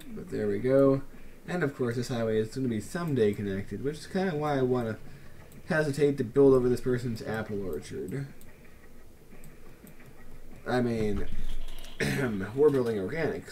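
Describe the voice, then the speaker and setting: A man's voice: mid-range voice, a little mellow, slight background noise. A young man giving casual, joking commentary over a city-building game, full of playful, mock-grand asides to the viewers. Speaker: let's play commentator.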